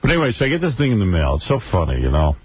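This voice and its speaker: Husky wry radio host, lo-fi broadcast. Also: male voice, on the low side, very fast, no echo. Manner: wry, gossipy, animated storytelling. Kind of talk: casual radio banter.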